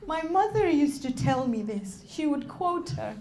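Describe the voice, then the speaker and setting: A woman's voice: high voice, sing-song, unhurried, dark tone, echoey room. A woman reciting a religious sermon, impassioned and building to tearful intensity. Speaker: majlis reciter. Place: religious gathering hall.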